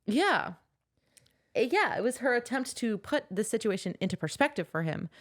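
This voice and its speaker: A woman's voice: a little high, normal speed. A woman co-hosting a casual book podcast, retelling scenes and acting out characters' lines. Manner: animated retelling, acts out quotes. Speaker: podcast co-host. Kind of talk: casual book-club chat.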